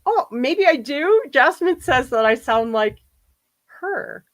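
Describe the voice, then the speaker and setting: A woman with a high-pitched, animated voice speaks slowly as she demonstrates painting on a livestream. She's an art professor from the US East Coast, chatting casually and laughing often as she reads viewer comments aloud.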